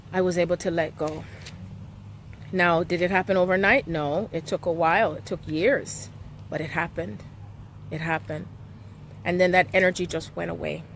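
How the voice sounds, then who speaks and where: Woman, spiritual reader on a live stream, emotional and earnest, mid-pitched, faint hiss behind. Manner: emotional, repeats "okay?" often.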